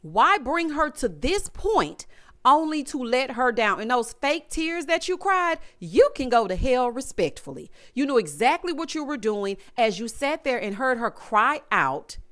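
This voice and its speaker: Sassy, animated woman recapping reality TV. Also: high voice, unhurried. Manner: sassy, emphatic, talks straight to the people on screen; acts out quotes in shifting voices. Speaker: recap vlogger.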